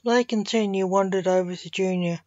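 A woman narrating a story aloud in a plain, unhurried reading voice. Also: medium pitch, fairly even intonation, a little mellow, dry recording. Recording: dry, slightly muffled recording.

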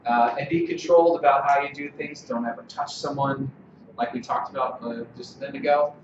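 A man's voice: medium pitch, fairly even intonation, brisk, distant mic, noisy background. A man giving a conversational training lecture in a room, often checking in with "okay?" and acting out sample lines. He sounds roomy and set back from the mic. The dull live-stream audio has little sparkle. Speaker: lacrosse officials trainer. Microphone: distant mic.

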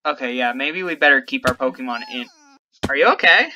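A woman's voice: rumbling low, expressive, a little fast, pushed and bright, dull audio, a little hiss or hum. A woman hosting a casual gameplay video, chatting playfully and talking to her in-game pets. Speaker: let's play host. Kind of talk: casual gameplay chat with light role-play.

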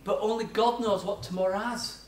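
A man's voice: sits high, fairly even intonation, moderate pace, darkish tone, slight background noise. An older man preaching a sermon, telling chatty stories about his own life with self-mocking laughs. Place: church hall. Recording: echoey church sound from far off.

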